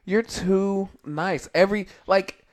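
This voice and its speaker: A man's voice: high voice, slow. A man co-hosting a podcast in casual chat, bluntly lecturing a friend with wry jokes. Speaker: podcast co-host.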